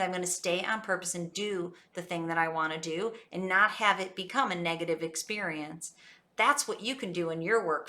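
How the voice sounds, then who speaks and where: A woman coach giving an energetic, emphatic motivational talk and acting out quotes as she goes. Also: medium pitch.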